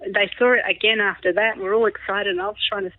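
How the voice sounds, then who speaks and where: Excitable woman on a tinny line. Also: medium pitch, quick pace, dry recording. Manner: animated, laughing often, acts out her kids' voices. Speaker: podcast guest. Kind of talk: telling a personal story. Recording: tinny phone-like line, dry.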